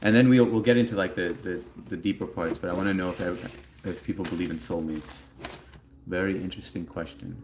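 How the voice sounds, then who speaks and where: A man's voice: sits low, fairly even intonation, fairly quick, darkish tone, a little hiss or hum. A young man hosting a livestream in a casual, rambling way, reading chat messages aloud and answering them.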